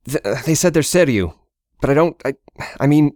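A man's voice: on the high side, lively intonation, fairly quick, a little mellow, dry recording, clean studio sound, voice pushed up, lightly acted. A man voicing a frightened young man who stammers and speaks shakily. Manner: stammering, shaky. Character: frightened young man caught in a gang fight.

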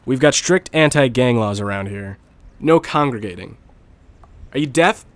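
A bullying male cop, put on by a woman, gruff and contemptuous, who talks in a low register. His voice swings widely between growls and barks as he menaces. He is a hostile figure in a video game. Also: lively intonation, normal speed, no echo. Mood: menacing. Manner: threatening, contemptuous.

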